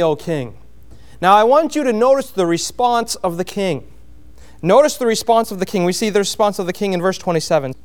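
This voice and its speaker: A man preaching a sermon, explaining a Bible passage verse by verse in a plainspoken way, with frequent pauses and restarts. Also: fairly high pitch, clear, resonant tone. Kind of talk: sermon, expository Bible teaching.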